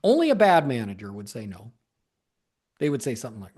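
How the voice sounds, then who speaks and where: A man's voice: mid-range voice, huge pitch swings, brisk, darkish tone. A man speaking as a sales coach, giving conversational advice in a solo talk, often repeating words and stressing key points.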